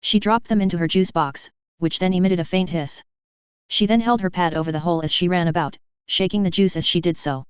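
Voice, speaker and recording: A woman narrating a science fiction story in a steady, even reading. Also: fairly low pitch, fairly quick, clean tone, dry recording. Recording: slightly dull close recording.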